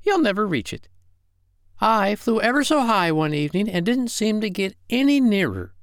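A man voicing a chirpy little female wren bird, speaking high and exclaiming. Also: very animated, normal speed, dry recording, clean studio sound.

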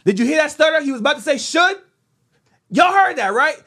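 High, lively man arguing playfully. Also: fairly quick. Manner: playful, argumentative, repeats himself. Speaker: podcast co-host. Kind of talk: casual chat.

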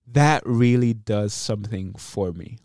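A man hosting his own podcast in an energetic, rambling way, often cutting himself off mid-thought. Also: fairly low pitch, measured pace, dry recording, studio quality. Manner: energetic, rambling, self-interrupting. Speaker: podcast host. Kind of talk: solo podcast monologue.

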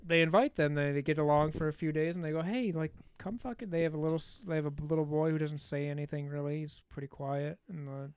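A man's voice: fairly high pitch, monotone, fast, hardly any pauses, darkish tone, smooth, no echo. A man co-hosting a podcast, casually recapping a film in a rambling, profane storytelling way. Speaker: podcast co-host. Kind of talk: casual movie recap chat.

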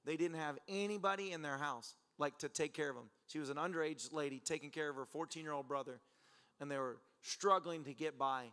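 This sermon comes from a male pastor who laughs his way through stories and dramatizes conversations for the congregation at a church service. His pitch is fairly high and his delivery a little fast.

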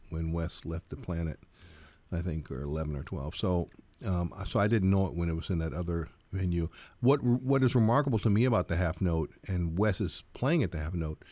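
A man's voice: deep voice, mellow, no echo. Earnest jazz guitarist in his sixties. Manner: earnest, with frequent fillers and repeats. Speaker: guest jazz guitarist and professor. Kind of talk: reflective interview answers.

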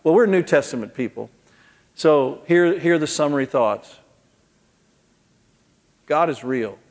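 A man's voice: fairly high pitch, expressive, measured pace. A man giving an earnest sermon-style talk at a conference, telling a story with frequent restarts and ending in prayer. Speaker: conference speaker. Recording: long hall reverb.

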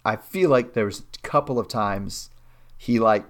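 A man co-hosting a casual podcast chat, animated and says "like" a lot, sometimes mimicking people sarcastically. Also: lowish voice, a little slow. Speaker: podcast co-host. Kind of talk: casual chat recapping a reality show.

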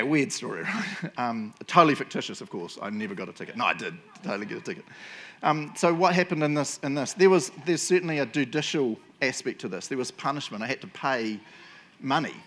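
A man, neither high nor low in pitch, gives a relaxed sermon. He tells his stories in a joking, self-mocking way and keeps teasing his listeners before he turns to the point he is making. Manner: jokey, self-mocking storyteller who teases the audience. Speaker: preacher. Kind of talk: casual humorous sermon.

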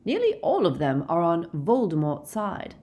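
Woman voicing a weary, gentle werewolf man. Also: fairly low pitch, wildly swooping pitch. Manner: measured, gentle, reasoning. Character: calm weary middle-aged male werewolf teacher. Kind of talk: audiobook character reading.

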